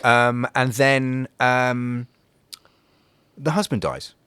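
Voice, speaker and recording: A man telling a folk tale on a podcast, wandering through it with constant fillers and restarts and the odd swear word. His voice sits at a middling pitch and sounds close and dry, with no room behind it. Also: level tone, drawn-out words, sharp tone, clean tone, dry recording. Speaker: podcast co-host. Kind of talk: casual storytelling chat.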